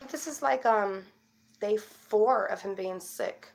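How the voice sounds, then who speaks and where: A woman's voice: mid-range voice, slow, creaky. A woman chatting casually to camera as a vlogger, rambling with fillers and restarts, worried and frustrated.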